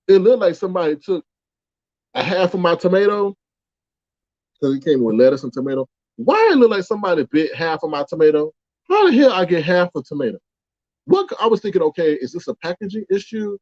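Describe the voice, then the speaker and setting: A man chatting casually on a livestream in a dark, mellow voice, rambling and exclaiming with indignant rhetorical questions. The room sounds dry and close, and the recording comes through dull and muffled. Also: high voice, big pitch swings, brisk, dry recording. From United States. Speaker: livestream host reading chat.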